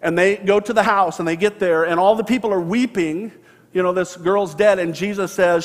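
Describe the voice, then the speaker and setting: A man's voice: sits high, fairly quick, big-room sound. A man preaching a sermon as pastor, retelling a story earnestly and acting out the quoted voices. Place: church sanctuary.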